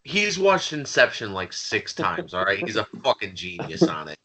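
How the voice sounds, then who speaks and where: A man's voice: fairly low pitch, sing-song, moderate pace, crowd noise. A man co-hosting a casual podcast, griping with exasperated swearing. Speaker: podcast co-host.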